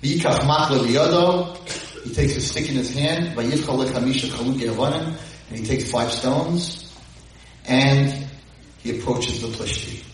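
Animated man lecturing in an echoey hall. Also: medium pitch, slight background noise. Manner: lively, dramatic retelling, translating verses line by line. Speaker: rabbi giving a Torah lecture. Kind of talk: storytelling lecture. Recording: echoey hall, distant mic.

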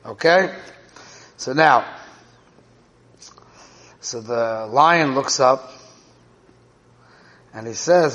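A man of medium pitch and fairly bright tone speaks very slowly, leaving long pauses as he explains a parable in a Torah class. He checks in with his audience by asking "right?" and "okay?", and the recording has reverberant hall acoustics.

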